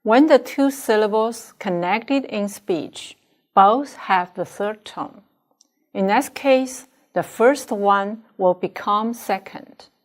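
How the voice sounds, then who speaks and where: Slow, deliberate woman teaching pronunciation. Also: mid-range voice. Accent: Chinese. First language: Chinese. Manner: deliberate, models pronunciation for students to repeat. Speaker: Chinese language teacher. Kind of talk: slow, careful classroom instruction.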